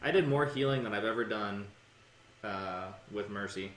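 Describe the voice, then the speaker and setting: A man co-hosting a gaming podcast, telling an anecdote in casual chat and getting animated when he quotes himself. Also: lowish voice, normal speed. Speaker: podcast co-host. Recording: roomy room with faint background noise.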